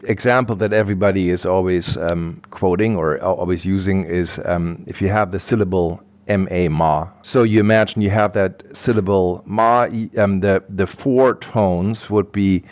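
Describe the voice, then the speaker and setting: A man's voice: low voice, darkish tone. A middle-aged man, a guest on an interview podcast, explaining things patiently and thinking aloud as he goes. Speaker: guest expert.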